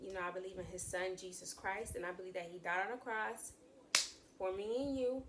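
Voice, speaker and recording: A woman's voice: mid-range voice, fairly even intonation, a little fast, heavy background noise. A woman hosting her own channel, talking casually about her faith, chatty and repetitive, often saying "y'all" to viewers. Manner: chatty, repeats and restarts phrases, addresses viewers as y'all. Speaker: channel host sharing faith views. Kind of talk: casual talk to camera.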